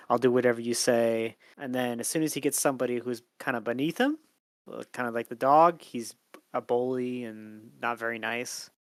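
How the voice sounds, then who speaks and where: A male podcast co-host giving calm, measured commentary in casual chat. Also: mid-range voice, clear, resonant tone, no echo.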